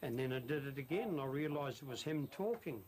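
A man's voice: medium pitch, expressive, brisk, crowd noise, low-quality recording. A man with a New Zealand accent, a bird keeper chatting casually outdoors at an aviary and talking to his bird. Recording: outdoor noise with bird calls.

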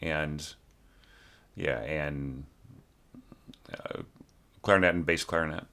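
A man's voice: rumbling low, slow, creaky, pushed and bright. A man teaching orchestration, reviewing a student's score in an informal, rambling way, often singing short syllables to show how notes should sound. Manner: thinks aloud, sings note shapes, many fillers.

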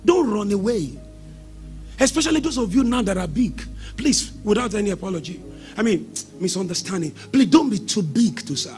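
A man preaching a sermon as pastor, shouting exhortations and breaking into sing-song lines. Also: sits high, sing-song, moderate pace, soft background music.

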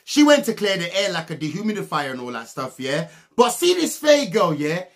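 A young man giving a comedic, mocking recap of a reality TV show, breaking into loud laughs. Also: fairly quick. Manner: mocking, animated, bursts into loud high laughs.

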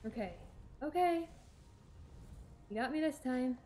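A young woman narrates her own gameplay in a chatty, self-talking way. She throws in dramatic exclamations as she plays. Her voice sits a little above the usual pitch for a woman. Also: lively intonation, a little slow, pauses often, a little mellow. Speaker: streamer. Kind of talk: let's play commentary.

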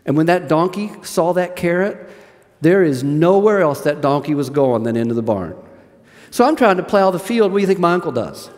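A man's voice: fairly high pitch, lively intonation, normal speed, a little mellow. A middle-aged man preaching a sermon as a seminary president, in a conversational, folksy storytelling manner with asides to the audience. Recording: long hall reverb.

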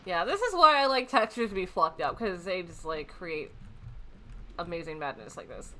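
A woman's voice: fairly low pitch, normal speed, slight background noise. A woman casually commenting on a video game she plays, swearing often and breaking into laughter. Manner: giggly, excitable, profane. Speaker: game streamer.

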